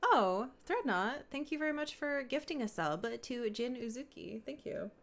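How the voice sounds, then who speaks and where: A woman's voice: fairly high pitch, big pitch swings, moderate pace, a little hiss or hum. A woman live-streaming a game, chatting casually, swearing and thanking viewers.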